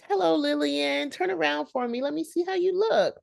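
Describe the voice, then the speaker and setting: A young Southern beauty queen with a high, airy, lilting voice, gushing and sugary, as a woman retelling a sitcom puts her on. She speaks with a Southern drawl, lifted far above the woman's own low register. The sound is close and dry. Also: moderate pace, creaky, dry recording.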